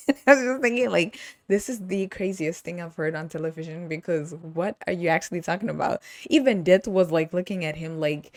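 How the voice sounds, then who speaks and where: A woman's voice: fairly low pitch, normal speed, dry recording. Giggly woman podcast host, dry sound. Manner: giggly, animated, laughs often. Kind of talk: casual movie review chat.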